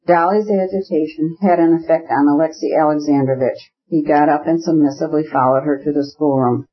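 A man narrating a classic novel as an audiobook, reading in a steady, measured way. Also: fairly high pitch. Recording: dull lo-fi recording.

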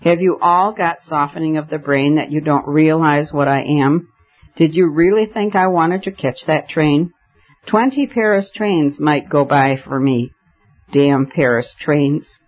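Frantic nobleman ranting loud, guy reading an audiobook, kinda high voice, muffled lo-fi sound. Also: unhurried. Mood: furious. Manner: loud, exasperated tirades. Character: frantic unmasked nobleman, secretly a police inspector. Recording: dull lo-fi audiobook recording.

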